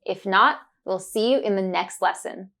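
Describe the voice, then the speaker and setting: A woman teaching a pronunciation lesson, repeating words slowly and clearly and praising the listener with upbeat cheer. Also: mid-range voice, pushed and bright. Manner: drawn-out, deliberate word drills with upbeat praise.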